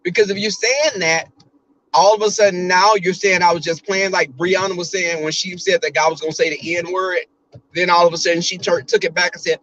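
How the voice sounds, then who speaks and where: A man's voice: high voice, moderate pace, a bit bright, lo-fi sound. A man giving blunt, profane casual commentary on a livestream, often mimicking other people.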